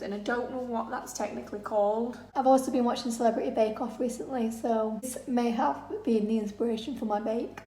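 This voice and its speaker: A hoarse young woman, chatting casually through a home baking vlog, self-deprecating and talkative. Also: on the high side, steady tone, fairly quick, hardly any pauses, mellow. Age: young adult. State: hoarse, lost voice. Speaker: vlogger. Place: home kitchen. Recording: echoey kitchen, faint noise.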